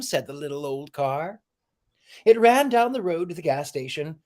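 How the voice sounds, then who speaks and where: A man hosting a livestream with a warm, theatrical, exclamatory manner, chatting and reading a storybook aloud. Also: fairly high pitch, normal speed. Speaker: livestream host.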